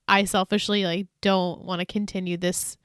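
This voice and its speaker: A woman's voice: mid-range voice, little pitch movement, measured pace, clear, resonant tone, no echo, clean studio sound. A woman co-hosting a podcast, chatting casually and bluntly about a TV episode, laughing often. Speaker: podcast co-host. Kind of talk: casual chat recapping a TV episode.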